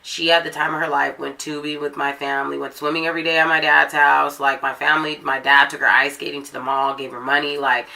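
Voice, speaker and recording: A woman's voice: sits low, flat delivery, quick pace, vocal fry, few pauses, bright, forceful tone. A woman vlogger chatting through a personal story in a casual, blunt, profane way.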